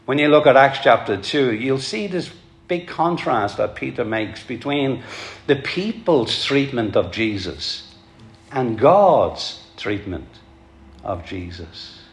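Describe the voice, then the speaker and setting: A man's voice: mid-range voice, lively intonation, slow. A man preaching a sermon to his congregation, earnest and pleading, calling them folks. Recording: echoey hall.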